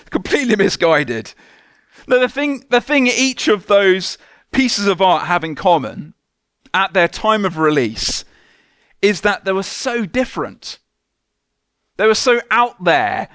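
A man, a church minister giving a relaxed, conversational sermon with light self-mocking humour. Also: sits high, measured pace, clear, resonant tone, no echo, clean studio sound. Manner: conversational, self-deprecating humour, soft prayerful tone when praying.

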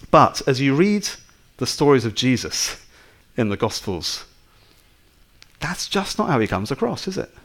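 A man's voice: fairly high pitch, fairly bright tone. A man preaching a sermon in a conversational way, full of rhetorical questions to his listeners.

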